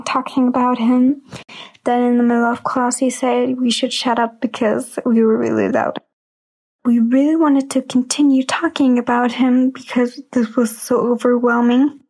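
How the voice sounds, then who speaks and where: High, even-toned young woman telling a story. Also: low-quality recording. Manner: chatty, breaks into short laughs. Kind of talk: casual storytime narration.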